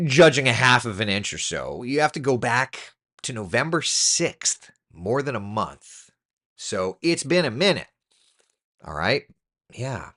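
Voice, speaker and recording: Lively chatty male weather host. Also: mid-range voice. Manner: chatty, talks to the computer in mock frustration. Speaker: TV meteorologist hosting a live stream. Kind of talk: casual live weather chat.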